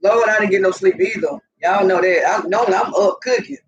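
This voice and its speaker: A woman telling animated, profane stories casually to her viewers, laughing often. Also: medium pitch, fairly quick, muffled recording. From Southern US. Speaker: vlogger. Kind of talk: casual storytelling to camera.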